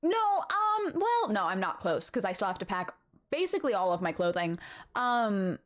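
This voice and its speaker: A woman's voice: mid-range voice, sing-song, normal speed. A young woman chatting casually with her live-stream chat from home, bubbly and rambling, laughing often.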